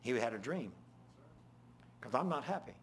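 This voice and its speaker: An older man preaching an informal sermon, full of folksy stories and swinging between loud and hushed. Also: mid-range voice, expressive, normal speed, a little hiss or hum.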